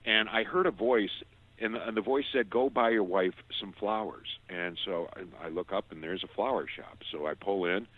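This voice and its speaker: A man's voice: low voice, moderate pace. A middle-aged man guest telling a personal testimony, earnest and often stumbling over repeated words. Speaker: radio show guest. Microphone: phone. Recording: tinny phone line.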